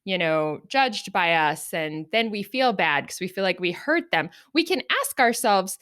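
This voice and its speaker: A middle-aged woman co-hosting a podcast, talking earnestly and reflectively, lively when she acts out everyday examples. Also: mid-range voice, unhurried, few pauses, clear, resonant tone. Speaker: podcast co-host. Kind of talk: reflective conversational podcast talk.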